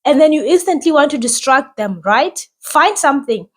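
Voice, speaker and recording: A woman's voice: sits high, expressive, normal speed. A woman who hosts a podcast and talks as a mother, giving casual, reassuring advice and often asking "right?".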